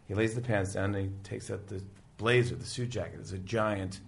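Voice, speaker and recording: A man appears as a podcast guest, chatting casually and acting out scenes as he retells stories. His voice is fairly low with vocal fry, and he talks a little fast.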